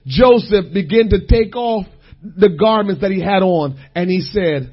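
A man preaching a sermon, dropping to a hush and then rising to shouts, repeating phrases for weight. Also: high voice, measured pace, breathy edge, muffled recording. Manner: swings between hushed and shouting, repeats phrases.

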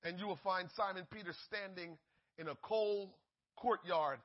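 A man preaching a sermon, swinging from shouted peaks to hushed asides and acting out the voices in the story. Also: high voice, moderate pace, lo-fi sound.

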